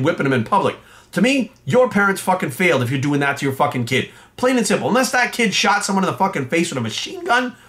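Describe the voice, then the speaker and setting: A man's voice: on the high side, a bit bright. A man delivering an angry, profane rant as a fitness coach vlogger. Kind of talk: ranting monologue.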